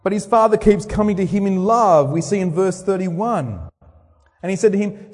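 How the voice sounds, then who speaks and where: A man's voice: expressive, moderate pace. A man preaching a sermon in church, dramatic, acting out quoted speeches with big swings in voice. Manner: dramatic, acts out quoted speeches with sharp swings in pitch and loudness. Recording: long reverb of a large hall.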